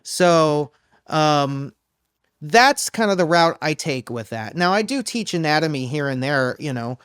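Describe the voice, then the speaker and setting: A man who coaches singers, explaining in a loose, halting way during a casual podcast interview. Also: on the high side, lively intonation, fairly bright tone, clean tone, no room sound, studio quality. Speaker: vocal coach. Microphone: studio microphone.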